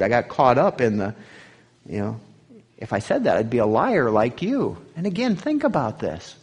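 A man teaching a sermon, reading scripture aloud with swelling emphasis and dropping low for asides. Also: very animated, moderate pace, darkish tone, slightly rough. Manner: rises in pitch and volume on quoted scripture, drops low on asides. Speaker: pastor teaching a Bible study.

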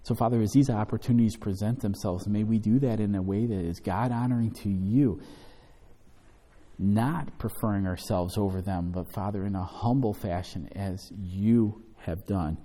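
Low, dark-voiced man teaching in a hall. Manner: measured, earnest, slows to read scripture aloud. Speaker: pastor. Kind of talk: Bible study teaching and closing prayer. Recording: long hall reverb.

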